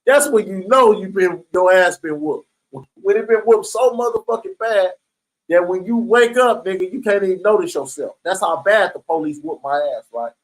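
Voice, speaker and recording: A man's voice: high voice, moderate pace, poor audio. A man telling a story in a casual, streetwise way, swearing freely and often checking in with "right?". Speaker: storyteller recounting prison life.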